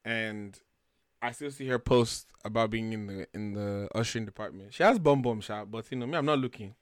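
A young man from Nigeria with a Nigerian accent, telling stories in a lively, joking way as a podcast co-host. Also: lowish voice, a little fast, no echo, studio quality. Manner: animated, jokey, acts out quotes. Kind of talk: casual chat, storytelling.

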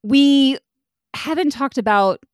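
A talkative woman co-hosting a casual podcast, her voice sitting a little high. She laughs easily and swears offhandedly. The sound is close and dry, with no room in it. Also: takes it slowly, no room sound. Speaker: podcast co-host. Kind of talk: casual chat.

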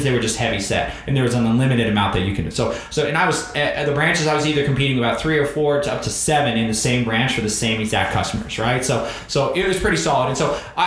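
A high-pitched man in his thirties talks sales in a loose, animated way, swearing and acting out both sides of an exchange. The room around him rings with heavy echo. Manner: animated, swears, acts out quotes. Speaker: podcast host. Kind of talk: casual sales coaching chat. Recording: very echoey room.

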